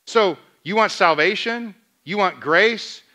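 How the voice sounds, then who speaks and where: A man preaching a sermon as pastor, asking the congregation questions and retelling scenes in lively dialogue. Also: high-pitched, slow. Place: church sanctuary.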